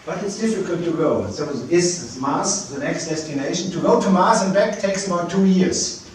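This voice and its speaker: A man giving a public lecture with slides, speaking hesitantly with many pauses and restarts. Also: high voice, lively intonation, a little hiss or hum. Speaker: space agency director giving a public lecture. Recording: very echoey hall, mic at a distance.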